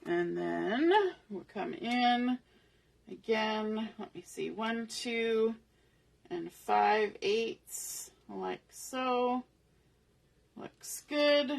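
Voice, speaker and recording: A woman's voice: fairly high pitch, very slow, gravelly. A middle-aged woman hosting a papercraft tutorial, talking through each step aloud in a chatty way at her craft table. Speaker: papercraft host.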